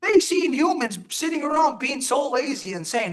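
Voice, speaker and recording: Man teaching with lively emphatic delivery. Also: very high voice, normal speed. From Turtle Island. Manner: emphatic, rhetorical, asks the audience questions. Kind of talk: live teaching talk to an audience.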